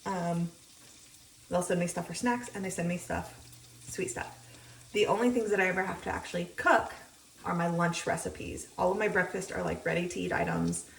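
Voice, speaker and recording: Cooking at home, a young vlogger rambles casually about her routine, filling her talk with ums. She has a lowish, creaky voice with fairly even intonation and normal speed; recorded far from the mic with a little hiss or hum, she often drifts off-mic in the echoey kitchen over the sizzle of frying.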